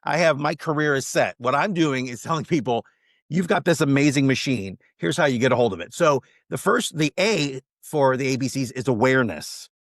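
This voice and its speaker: A man speaking as a podcast guest, teaching mindset in an emphatic, animated motivational way. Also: medium pitch, brisk, dry recording, studio quality. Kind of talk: casual podcast interview.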